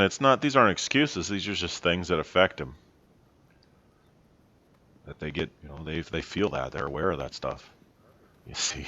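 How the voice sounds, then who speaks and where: Low-voiced plainspoken man horse trainer. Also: muffled recording. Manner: calm, plainspoken, self-critical explaining. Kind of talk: reflective voice-over commentary on riding footage.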